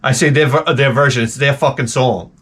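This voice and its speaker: Guy rambling through a cussing story, mid-pitched voice, acts out what he said. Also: fairly even intonation, a little fast, a bit bright, husky. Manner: profane, rambling storyteller who acts out his own reactions. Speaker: channel host. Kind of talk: rambling casual monologue.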